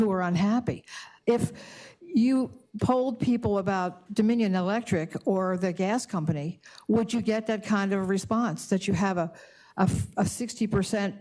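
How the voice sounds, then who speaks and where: Older woman, resident at a board meeting, indignant, emotional, halting restarts. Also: mid-range voice, warm tone. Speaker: resident giving public comment. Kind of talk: public comment at a community board meeting.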